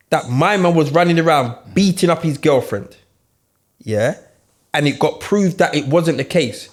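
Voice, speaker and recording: A man, co-hosting a casual group chat and telling stories with animated, rising outbursts. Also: fairly high pitch. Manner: animated storyteller, laughs and raises his voice. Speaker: podcast co-host.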